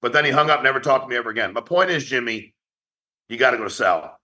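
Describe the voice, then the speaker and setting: A man who founded a company, giving a blunt, profane motivational talk to his sales agents in an online meeting, rapid-fire and challenging. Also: mid-range voice, bright, forceful tone.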